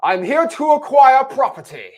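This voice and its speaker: A man's voice: very high-pitched, sing-song, normal speed, darkish tone, pitched above the performer's own voice. A man putting on the voice of a pompous old rich landlord, posh and stuffy.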